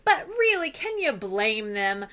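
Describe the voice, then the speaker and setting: A woman teacher retells a story with lively, chatty energy. Her voice is bright and slightly high, and she talks as if speaking right to her students. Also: slow. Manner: animated, conversational storytelling. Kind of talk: recap lesson.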